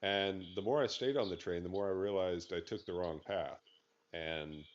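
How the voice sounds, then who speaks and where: A man on a video call, telling a relaxed, rambling travel story in casual chat. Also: low voice, normal speed, noisy background. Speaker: group participant. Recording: dull lo-fi call audio.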